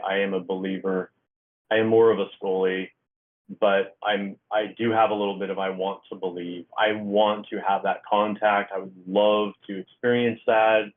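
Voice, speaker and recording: Man telling a story over a tinny line. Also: lowish voice. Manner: rambling, with many restarts and acted-out dialogue. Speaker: guest author. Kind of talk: storytelling in a casual interview. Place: Oregon.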